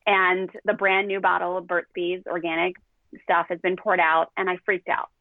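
A woman's voice: on the low side, normal speed, no echo. Middle-aged woman parenting coach, candid storyteller, dry thin phone-line sound. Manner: candid, animated, acts out quotes. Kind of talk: podcast conversation, storytelling.

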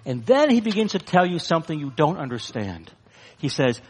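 A man preaching with a lively voice that leaps high for emphasis and sinks low for solemn points. His voice is slightly higher than most men's and rings out with a long reverb across a large hall. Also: a little fast, husky. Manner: emphatic, rising to high bursts then dropping low for weight. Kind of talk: sermon.

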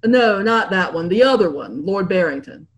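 A breezy, jolly English gentleman who never loses his cool, read out by a woman. He speaks with lively, swinging inflection and never lowers his voice to sound gruff. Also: normal speed, close to an everyday voice. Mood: smooth. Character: unflappable posh English gentleman, man.

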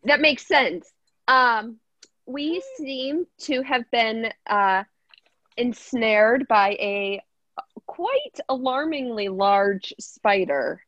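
Woman, playful role-play, lively pitch, dry dull recording. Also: drawn-out words, no echo. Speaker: player. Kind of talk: improvised tabletop role-play.

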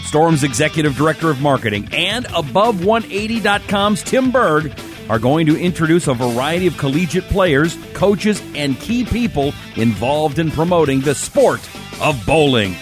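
A man's voice: a little high, expressive, moderate pace. A man announcing a podcast intro. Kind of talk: show intro over music. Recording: music bed behind voice.

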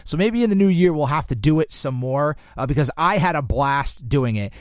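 A man's voice: a little high, lively intonation, normal speed, dry recording, studio quality. A man hosting a podcast in upbeat, playful casual chat. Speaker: podcast host.

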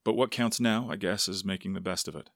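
A man voicing a stern, devout father who speaks gravely and to the point. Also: sits low, brisk, no room sound, studio quality. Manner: grave, matter-of-fact.

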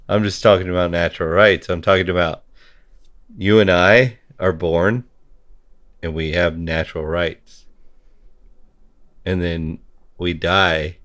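A man's voice: low-pitched, fairly bright tone. A man in a heated conversation, talking bluntly and swearing freely as he rants. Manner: blunt, profane ranting.

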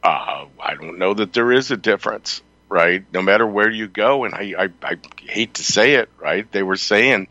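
Bright-voiced talk radio host, dry mic. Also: male voice, low-pitched, moderate pace, no room sound, muffled recording. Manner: rambling, laughs often, sarcastic. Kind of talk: casual political talk radio. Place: radio studio. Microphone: close studio mic.

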